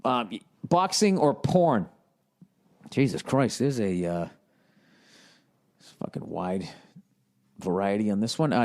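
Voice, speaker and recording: A man's voice: fairly low pitch, expressive, takes it slowly, pauses often, a little mellow. A man in his forties holds forth on his own comedy podcast. He riffs in a loose, casual flow and hands out blunt, sarcastic advice. Profanity runs all through his delivery. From United States. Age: 40s. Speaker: podcast host.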